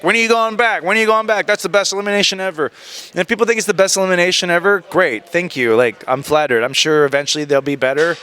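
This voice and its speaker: A man telling stories as an interview guest in a casual, animated way, slipping into other people's voices. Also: a little high.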